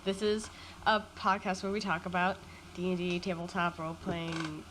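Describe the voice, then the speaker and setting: A woman co-hosting a podcast in casual, playful chat, quick to giggle. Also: lowish voice, flat delivery, fairly bright tone, slight background noise. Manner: giggly, playful, jokes in a whisper. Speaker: podcast co-host.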